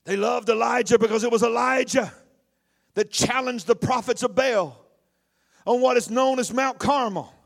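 A preacher delivers his sermon in a strikingly high man's voice. He rises into shouted, almost sung phrases and then slips into fast, conversational asides. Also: gravelly. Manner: preaching with shouted, sing-song swells and quick asides.

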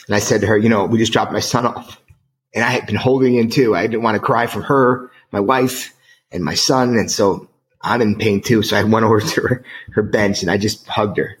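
A man's voice: lowish voice, moderate pace, a bit bright. Earnest emotional man telling a story. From United States. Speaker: guest author. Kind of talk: storytelling in an interview.

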